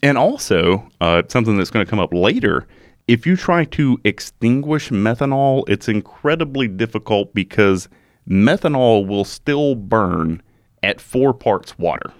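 Lively man telling a crime story. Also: lowish voice, unhurried, no echo, studio quality. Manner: animated, swearing, laughs at himself. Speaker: podcast co-host. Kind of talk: casual true-crime storytelling.

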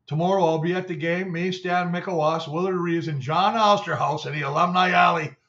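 A man's voice: high-pitched, fairly even intonation, a little fast, sharp tone, dull audio. An older man, a former player and show analyst, telling rambling, salty stories in casual sports talk. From Canada. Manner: rambling, salty storytelling with mimicry.

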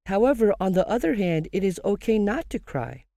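A podcast host giving grief advice in a calm, measured counselling tone, slowing down to stress key phrases and asking listeners rhetorical questions. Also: mid-range voice, gravelly, no echo, clean studio sound.

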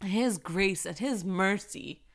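A woman giving a casual Christian devotional talk to other women, encouraging and preachy, who slows down to stress key phrases and talks straight to her listeners. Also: medium pitch.

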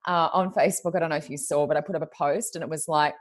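A woman, co-hosting a podcast, telling stories in a lively, laughing way. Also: sits low, fast. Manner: lively storyteller, laughs, mimics voices. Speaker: podcast co-host, reader. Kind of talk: casual chat.

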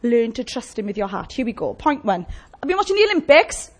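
A woman's voice: on the high side, very animated, quick pace. A woman preaching a sermon in a conversational way, often asking the congregation questions.

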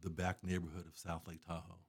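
A man's voice: low voice, completely flat delivery, a little fast, gravelly, husky. A man talking casually as a guest about charity work, rambling with many fillers and restarts. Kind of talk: casual conversation.

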